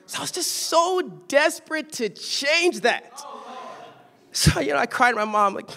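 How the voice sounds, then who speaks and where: High-voiced young preacher from Los Angeles. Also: male voice, animated, measured pace, gravelly. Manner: storytelling, swings from quiet asides to shouted exhortation. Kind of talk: sermon. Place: church sanctuary.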